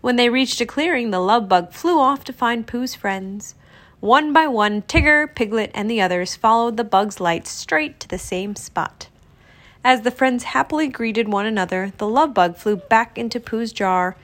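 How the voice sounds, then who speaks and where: A woman narrating a children's storybook read-aloud in an expressive, storytelling manner. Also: a little high, moderate pace.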